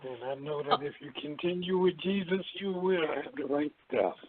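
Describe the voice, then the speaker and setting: An older man phoning in to a radio talk show, speaking slowly and earnestly in a fatherly way. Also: a little high. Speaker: caller. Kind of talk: phoned-in call to a radio show. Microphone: telephone. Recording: phone-line caller audio with crowd noise.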